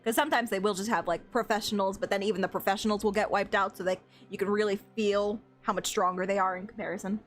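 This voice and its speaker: A young woman streaming a game, reacting with giggles and excitement and reading the game text aloud. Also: mid-range voice, fast talker, few pauses, faint music behind.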